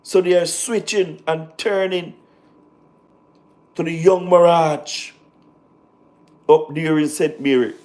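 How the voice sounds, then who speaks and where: Jamaican man, high register, animated political livestream host, repeats himself, patois mixed in. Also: slow, pauses often. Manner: animated, repetitive, talks in patois with laughs. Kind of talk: casual political livestream commentary.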